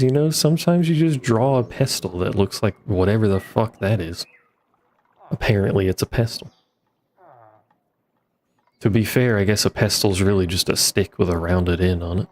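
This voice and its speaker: A man's voice: lowish voice, moderate pace, a little mellow. A man giving casual, rambling commentary while he plays a game, with wry asides to himself, into a desk microphone. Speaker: streamer playing a modded block-building game.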